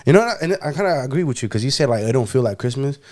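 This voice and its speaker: A man's voice: medium pitch, lively intonation, very fast, darkish tone. A man co-hosting a casual podcast chat, talking laid-back and slangy and swearing freely. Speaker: podcast co-host.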